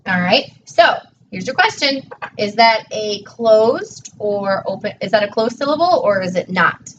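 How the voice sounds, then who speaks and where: A woman's voice: medium pitch, animated, measured pace. A woman teacher tutoring a child one-on-one in a patient, encouraging way, praising each answer. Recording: distant dull mic with faint noise.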